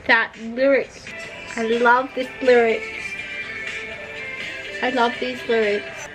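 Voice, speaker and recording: A woman's voice: fairly high pitch, level tone, slow, long pauses, poor audio. A young woman chatting casually and emotionally as she reacts to an album, gushing about the songs. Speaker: vlogger reacting to music. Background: pop music playing.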